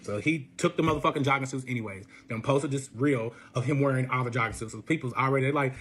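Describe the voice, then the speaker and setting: A man's voice: mid-range voice, quick pace, slightly rough. A young man telling a personal story in casual storytime style, swearing often and acting out quotes in a raised voice. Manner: profane, animated, acts out quotes in a raised voice. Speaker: storyteller guest.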